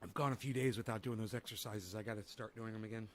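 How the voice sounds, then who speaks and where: A man's voice: fairly low pitch, fairly even intonation, fast, a little hiss or hum. A man chatting casually on a livestream while sick and a little winded, rambling and swearing freely. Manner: rambling, swears freely, talks to his dog and chat. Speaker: livestream host.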